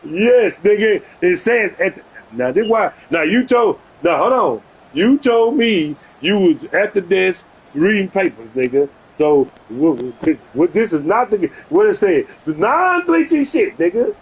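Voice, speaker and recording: Agitated husky man arguing over a game. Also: sits high, lively intonation, unhurried, low-quality recording. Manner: agitated, keeps repeating "hold on". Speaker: video game streamer. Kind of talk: heated argument over voice chat.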